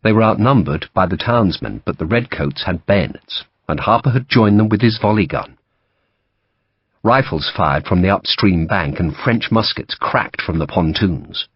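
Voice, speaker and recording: A man narrating an audiobook in a lively storytelling manner, giving each character a voice. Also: low voice, moderate pace, breathy edge, no room sound. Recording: dull dry audiobook recording.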